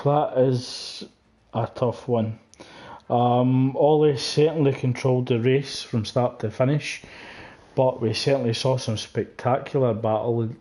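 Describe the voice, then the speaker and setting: A man co-commentating a sim racing live stream, measured and thoughtful. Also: mid-range voice, warm tone.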